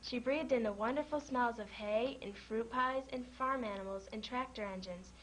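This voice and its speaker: A woman reading a children's storybook aloud in a gentle manner, lightly voicing the characters. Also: fairly high pitch, moderate pace, a little hiss or hum, poor audio.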